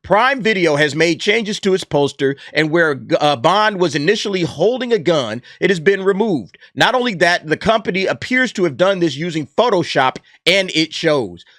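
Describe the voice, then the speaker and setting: A man's voice: high voice, animated, moderate pace, hardly any pauses, fairly bright tone, no room sound, clean studio sound. A man giving casual reaction commentary, exasperated and mocking, reading headlines aloud between complaints. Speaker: YouTube commentator.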